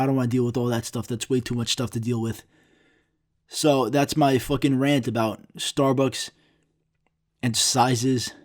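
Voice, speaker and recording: A man's voice: medium pitch, darkish tone. Profane young man ranting on a podcast. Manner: mocking impressions of other people. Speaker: podcast host. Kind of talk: solo podcast rant.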